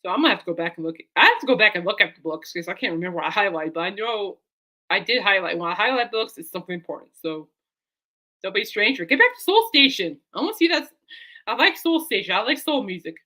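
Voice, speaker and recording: A woman's voice: medium pitch, lively intonation, fast talker, bright, forceful tone. A woman talking casually to her camera as a vlogger and fan, rambling and heartfelt, turning aside to talk to her dog.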